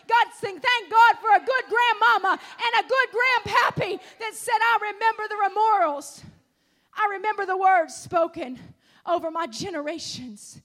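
A woman preacher delivering a fervent sermon, rising into shouted declarations and dropping to hushed scripture reading. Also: extremely high pitch, normal speed. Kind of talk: Pentecostal-style sermon.

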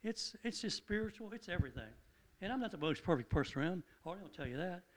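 A man's voice: high-pitched, lively intonation, fast, low-quality recording. Earnest man teaching scripture informally. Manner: earnest, conversational, repeats points with rising emphasis. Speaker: Bible study teacher.

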